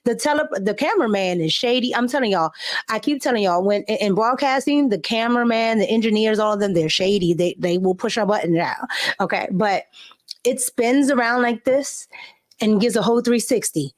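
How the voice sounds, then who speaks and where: Female host, sassy and slangy, slightly high-pitched. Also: fairly quick. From of Cuban family. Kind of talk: opinion commentary.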